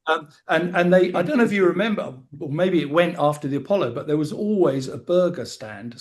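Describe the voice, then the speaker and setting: A man from southern England with a southern English accent, co-hosting a podcast and telling rambling, self-deprecating stories in casual chat. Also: on the high side. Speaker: podcast co-host.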